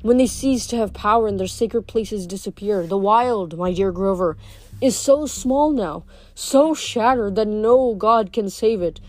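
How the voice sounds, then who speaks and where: A woman voicing an ancient, fading male nature god, speaking softly and sorrowfully. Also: mid-range voice, no echo, soft background music, close to an everyday voice. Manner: soft, slow, sorrowful delivery.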